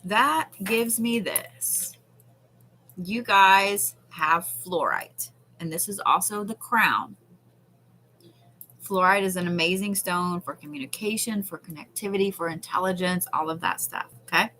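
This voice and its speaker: A woman reads tarot cards on a live stream. Her voice is bright and forward, and her delivery is chatty and unfiltered. She drops casual curses and soothing reassurances as she talks. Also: on the high side, a little slow, slight background noise. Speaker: tarot reader. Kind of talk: live-stream card reading.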